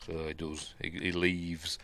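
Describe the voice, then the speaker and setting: A man's voice: sits low, monotone, a little slow, fairly bright tone, no echo. A man with a Yorkshire accent gives a casual, rambling watch-along commentary on a film, full of fillers and restarts, as host of his own show. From Yorkshire, England.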